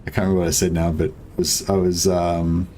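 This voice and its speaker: A young gaming streamer rambles through casual let's-play commentary on a strategy game, joking with viewers and swearing occasionally. His voice sits low with a flat, fast delivery and a darkish tone, with a slight hiss or hum in the recording.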